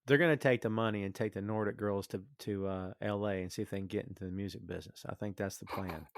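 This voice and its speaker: Animated man riffing on a movie. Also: on the low side, fast talker, no room sound, clean studio sound. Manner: animated, acts out reactions in quoted asides. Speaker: podcast co-host. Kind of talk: casual movie review chat.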